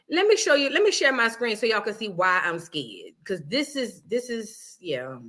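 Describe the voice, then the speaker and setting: A woman's voice: fairly high pitch, lively intonation, moderate pace, few pauses, bright, forceful tone. A woman hosting a casual reaction livestream, rambling and talking straight to her viewers. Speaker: livestream host.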